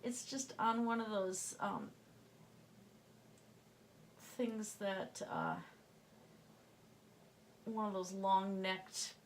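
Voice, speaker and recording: A woman's voice: mid-range voice, fairly even intonation, drawn-out words, long pauses, a little hiss or hum. A woman with a slight Southern US accent, giving a chatty painting tutorial and thinking aloud as she works, sometimes dropping to a murmur. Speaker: painting instructor.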